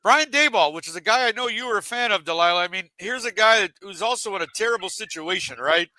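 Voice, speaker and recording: A man's voice: high-pitched, animated, quick pace, pushed and bright, no echo, rough recording. A man hosting a casual sports talk show, chatty and leading the discussion. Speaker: podcast host.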